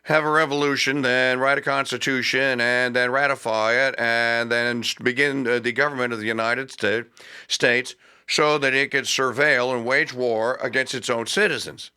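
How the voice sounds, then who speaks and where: A man's voice: medium pitch, fairly even intonation, normal speed, bright, forceful tone, clear, resonant tone. A man hosting a talk radio show, delivering fired-up, sarcastic commentary and laughing at his own points.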